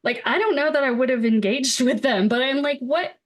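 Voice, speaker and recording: A woman's voice: sits high, a little fast. A middle-aged woman co-hosting a podcast, chatting casually about a film, laughing often and trailing off with fillers. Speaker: podcast co-host.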